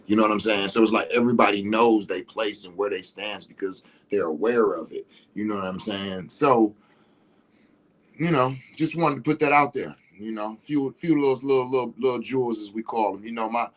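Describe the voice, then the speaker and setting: A man's voice: on the low side, steady tone, fairly quick. A man talking casually on his livestream, rambling and repeating "you know what I'm saying" as he explains his views. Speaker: livestream host.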